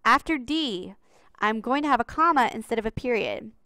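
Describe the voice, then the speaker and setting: A woman's voice: fairly high pitch, lively intonation, moderate pace, pushed and bright, no room sound. A woman teaching a recorded writing lesson over slides, in a chatty, upbeat way and talking straight to her students.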